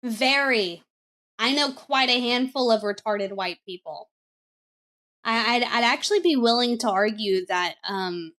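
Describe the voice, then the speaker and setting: A woman's voice: medium pitch, a bit bright. A woman streaming live, chatting casually and bluntly with lots of swearing and repeated phrases. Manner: blunt and profane, repeats herself. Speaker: streamer reacting to clips.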